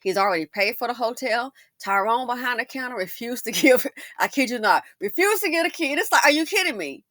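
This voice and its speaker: A woman's voice: fairly high pitch, lively intonation, a little fast, a bit bright, dry recording, clean studio sound. A woman doing casual storytime commentary, emphatic and full of rhetorical questions, often repeating herself.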